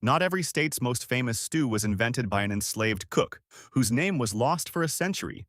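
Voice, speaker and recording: A man giving scripted documentary narration in a measured, declarative way, with clipped short sentences. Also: mid-range voice, expressive, a bit bright, dry recording, clean studio sound.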